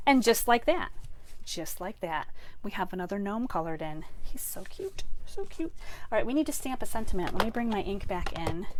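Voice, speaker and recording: Chatty lady walking through a craft demo, rambly, lots of ums and restarts, mid-pitched voice. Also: darkish tone. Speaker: card-making instructor. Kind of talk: casual craft tutorial.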